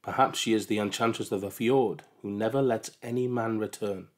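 A man's voice: lowish voice, steady tone, normal speed, close to an everyday voice. A man voicing a wary Viking warrior in a storybook reading, warning in a raised voice.

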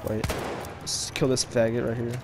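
A young man commentating his own online shooter game in a casual, excitable, rambling way, taunting other players. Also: mid-range voice, normal speed, noisy background. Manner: excitable, trash-talking, rambling. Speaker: gaming YouTuber.

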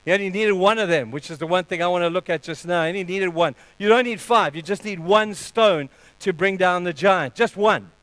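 Smooth-voiced preacher delivering a sermon. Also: male voice, high voice, brisk, hardly any pauses, dry recording, rough recording. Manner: earnest, animated storytelling. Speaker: pastor.

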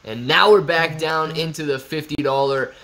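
A man's voice: fairly high pitch, steady tone, normal speed, sharp tone. A young man hosting a casual live stream, reading viewer comments aloud and joking back, calling everyone man and bro.

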